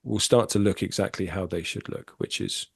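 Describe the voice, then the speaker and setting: Gravelly low-voiced man telling stories. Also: normal speed, no room sound, clean studio sound. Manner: candid, swears casually, animated storyteller. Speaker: podcast guest. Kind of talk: casual storytelling chat.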